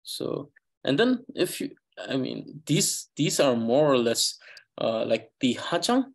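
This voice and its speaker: A man with an Eastern Tibetan accent explains words to his students in an online class. His voice sits at a middle pitch, and he talks in halting bursts, filling the gaps with "uh" as he thinks aloud. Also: very animated, gravelly. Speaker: Tibetan language teacher. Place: online class, video call.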